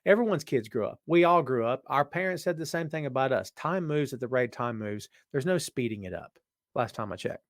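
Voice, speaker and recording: A man hosts a live stream at an easy conversational pitch, his voice worn and tired. He rambles and jokes straight at his viewers, and the sound is dry and close. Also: lively intonation, fairly quick, no echo. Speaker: podcast host. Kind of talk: casual live-stream chat. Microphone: webcam setup.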